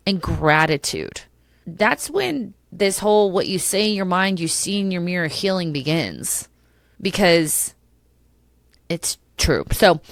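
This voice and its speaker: A woman's voice: on the low side, no echo, studio quality. A middle-aged woman hosting a solo podcast, talking passionately and emotionally with many restarts. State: tearful at times. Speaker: podcast host.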